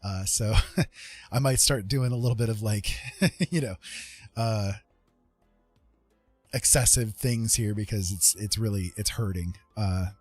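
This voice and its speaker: A man's voice: on the low side, measured pace, long pauses, a little mellow, slightly rough, dry recording, faint music behind. A man hosting a casual livestream chat, talking in an earnest, rambling way with lots of fillers, teary and with his eyes burning. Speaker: livestream host.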